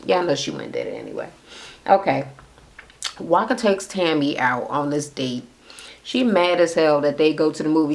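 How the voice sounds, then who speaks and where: Low gravelly woman gossiping about TV. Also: lively intonation, moderate pace. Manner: gossipy, profane, retells scenes by quoting the cast. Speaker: reality TV recap vlogger. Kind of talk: casual recap rant.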